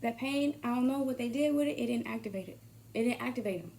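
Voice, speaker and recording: A woman giving a casual motivational monologue, swearing freely and swinging from hushed whispers to loud bursts. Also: a little high, fast, creaky. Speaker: motivational vlogger.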